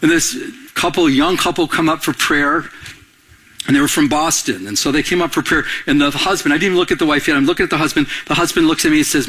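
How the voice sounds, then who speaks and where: A man's voice: fast talker, slight background noise. A man preaching a conversational sermon as a pastor, asking his listeners questions and acting out what people said. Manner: animated, conversational, asks the audience questions; acts out quoted voices with big pitch swings.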